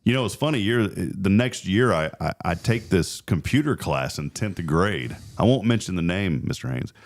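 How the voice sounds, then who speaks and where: Deep-voiced man telling stories. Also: normal speed. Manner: animated, acts out quoted voices, many restarts. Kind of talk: casual storytelling chat.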